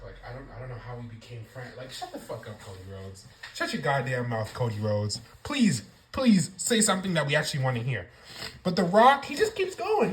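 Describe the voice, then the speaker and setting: A woman's voice: mid-range voice, echoey room, low-quality recording. A woman giving a casual wrestling show review, ranting with lots of swearing. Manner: profane, animated ranting.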